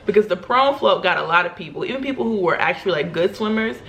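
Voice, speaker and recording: A young woman vlogger telling a story to camera in a chatty, animated way, laughing often and using slang. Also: medium pitch, quick pace, slight background noise.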